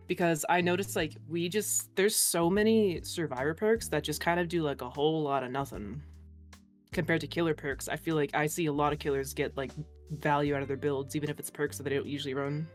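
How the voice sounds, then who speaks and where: Chatty woman streamer, laughing easily. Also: sits low. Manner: chatty, laughing often, lots of filler "like". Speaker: guest streamer. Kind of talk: casual interview chat.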